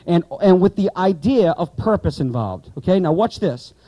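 Male pastor-teacher, Bible class lecture, asks the room questions, dry close sound, mellow slightly high voice. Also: lively intonation, normal speed, no echo, rough recording. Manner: explanatory, rhetorical questions, asides to class.

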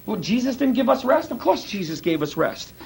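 A male pastor preaching a sermon in an animated, conversational way, acting out quotes as he goes. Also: very high voice, fairly quick, creaky, breathy edge, rough recording.

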